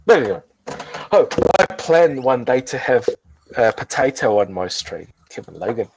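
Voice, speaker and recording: A man's voice: medium pitch, sing-song, moderate pace, noisy background. A drunk man chatting casually as host, rambling with many restarts and swearing. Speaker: channel host. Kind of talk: casual chat on a group voice call.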